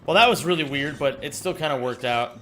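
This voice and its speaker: A man streaming a game speedrun, chatting casually with his chat, swearing and bursting into excited shouts. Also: on the high side, a little fast. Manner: reads chat aloud, swears, excitable outbursts.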